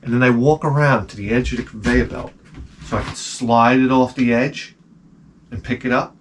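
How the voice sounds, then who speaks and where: A man vlogging in a casual, rambling storytelling way, sarcastic and sometimes loudly exasperated. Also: medium pitch, fairly even intonation, moderate pace, slight background noise.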